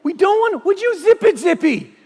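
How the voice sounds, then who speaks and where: A man voicing an annoyed bystander in a crowd who shouts at a beggar to be quiet. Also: extremely high pitch, very animated, moderate pace, a little hiss or hum, pitched above the performer's own voice. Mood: exasperated. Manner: shouting, exasperated.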